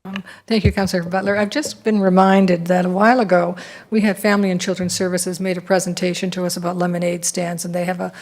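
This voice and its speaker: A woman councillor raises an item at a town council meeting. Her voice sits low for a woman, and she pauses often as she searches for her words. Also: flat delivery, a little mellow.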